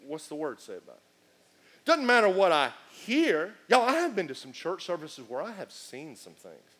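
Male preacher, high and bright, animated delivery. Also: normal speed, breathy edge. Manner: animated preaching with acted asides and shouts. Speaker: pastor. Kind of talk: sermon.

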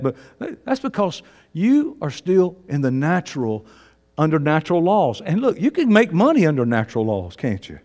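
Impassioned preacher, high voice. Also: male voice, wildly swooping pitch, moderate pace, in a large hall. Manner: emphatic, swings between loud shouting and low asides. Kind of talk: sermon.

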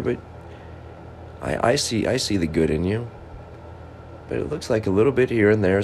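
A man with a low voice that swings widely up and down, thinking aloud in an improvised comic ramble. He talks in stop-start bursts and drifts from scolding to musing, like an amateur comedian working things out on the spot. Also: creaky, darkish tone, a little hiss or hum.

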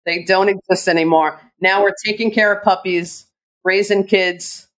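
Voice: mid-range voice, steady tone, normal speed, a bit bright, low-quality recording. A podcast co-host with a mid-range voice rants about how things have changed, firmly opinionated. The delivery stays conversational and casual throughout. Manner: opinionated, ranting commentary.

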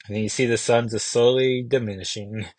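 A man's voice: medium pitch, fairly even intonation, brisk, a little mellow, husky, no room sound. A man hosting a comic book podcast, recapping an issue in a casual, musing way and thinking aloud with small restarts.

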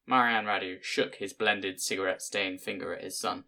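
A man with a lowish voice reads an audiobook in a measured, plain manner, letting the story unfold steadily. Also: fairly even intonation, pushed and bright. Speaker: narrator. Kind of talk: audiobook narration.

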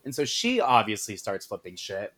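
A woman's voice: a bass voice, sing-song, normal speed, fairly bright tone. A young woman casually retelling a movie plot as a podcast guest, chatty and giggly, acting out the characters' lines. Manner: chatty, giggly, acts out quotes in voices.

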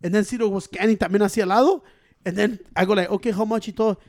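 Laughing high-voiced bilingual storyteller man. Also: rapid-fire. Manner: laughing, animated, swears a lot, mixes Spanish and English. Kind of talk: casual storytelling chat.

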